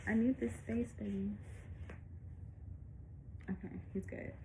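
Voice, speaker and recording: A woman's voice: medium pitch, steady tone, slow, dark tone, a little hiss or hum, rough recording. A woman illustrator walking through her picture book in a casual, chatty way, out of breath and laughing often.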